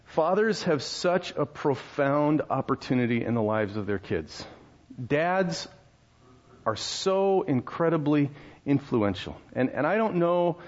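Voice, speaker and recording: A man's voice: fairly high pitch, animated, unhurried, lo-fi sound. A male pastor in his thirties preaching a sermon in a conversational, storytelling way, with rhetorical questions and laughs.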